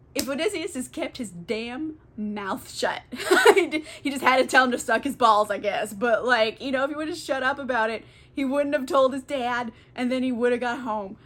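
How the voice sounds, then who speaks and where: Young woman kinda drunk, swearing and giggling thru a book recap, highish voice. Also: a bit bright. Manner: giggly, swears a lot, filler-heavy. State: tipsy. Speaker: book channel host. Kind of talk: tipsy comedic book summary.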